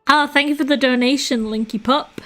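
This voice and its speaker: A woman with a British accent and a high, bright voice chats her way through a live drawing stream. She teases, swears freely and breaks into giggles, and faint music plays underneath. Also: fairly even intonation, brisk. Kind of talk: casual live-stream chat.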